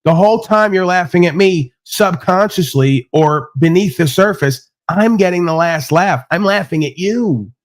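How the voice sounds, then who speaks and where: A man's voice: sits high, lively intonation, normal speed, hardly any pauses. A man hosting an open online panel, talking bluntly and profanely with emphatic repetition. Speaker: podcast panel host. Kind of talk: heated casual panel talk. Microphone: remote stream call.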